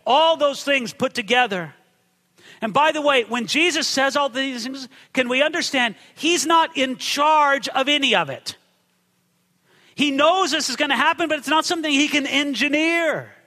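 A man preaching a sermon, reading scripture and acting out the quotes with sudden shouts and hushed drops. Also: big-room sound. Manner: dramatic, acts out quotes with big swings in pitch and volume. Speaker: pastor. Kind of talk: expository sermon.

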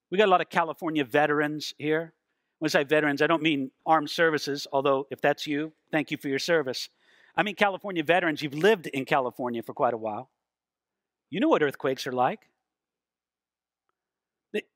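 A male pastor preaching a sermon, animated, with dramatic slowdowns and acted-out quotes. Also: sits high, dry recording.

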